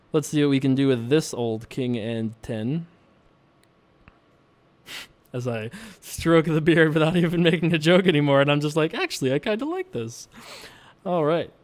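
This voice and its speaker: A playful young man talks through his poker hands in a relaxed, chatty way. He laughs a lot between thoughts. His voice sits a bit high and sounds smooth and clean. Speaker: poker video host. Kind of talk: casual poker commentary.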